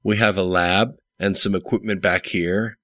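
A man voicing an excitable male grease monkey, talking raised and emphatic. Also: deep voice, normal speed, no room sound. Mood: flustered.

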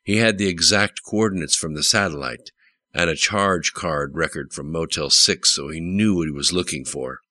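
A man narrating an audiobook with steady, plain storytelling. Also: low-pitched, normal speed, dry recording.

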